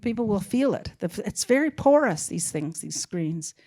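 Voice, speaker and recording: A middle-aged woman, a film director as guest, talking in a halting, musing way with many restarts. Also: medium pitch, expressive, a little mellow. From Canada. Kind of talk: casual interview talk.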